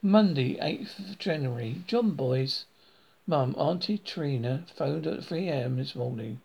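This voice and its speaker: A man's voice: a little high, lively intonation, measured pace, vocal fry, darkish tone, slightly rough, highs cut off. A man reading a comic diary novel aloud, with frequent slips and restarts. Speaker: reader.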